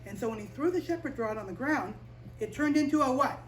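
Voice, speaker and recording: A woman teaching children in chapel, telling a Bible story with lively energy and questions to the children. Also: sits high, fast talker. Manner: animated, asks the children questions. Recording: echoey room from a distance with faint noise.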